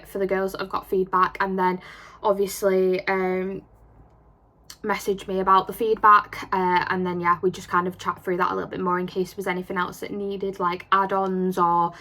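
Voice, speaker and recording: A woman's voice: mid-range voice, fairly bright tone. A young woman, an online fitness coach, chatting casually to camera at home in a rambling way that repeats itself. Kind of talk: casual vlog chat.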